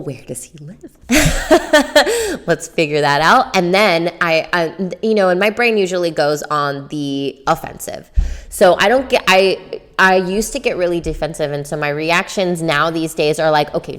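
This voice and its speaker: Young woman host, casual solo podcast, rambling and chatty, lowish voice. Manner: chatty, lots of fillers, self-coaching. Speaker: podcast host, tattoo artist.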